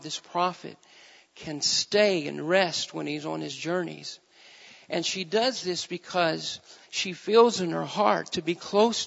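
A man's voice: a little high, creaky. A man preaching a sermon, reading scripture aloud and then building fervently with repeated phrases, recorded with a dull sound in a large hall. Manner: reads scripture in old-fashioned wording, then preaches with rising fervor and repetition.

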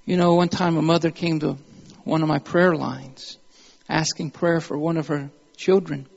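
A male preacher delivers a sermon in church, his slightly high voice gravelly and husky. He tells stories calmly and builds to fervent appeals. The recording is dull and lo-fi. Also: moderate pace, big-room sound. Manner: builds from calm storytelling to impassioned, climbing exhortation.

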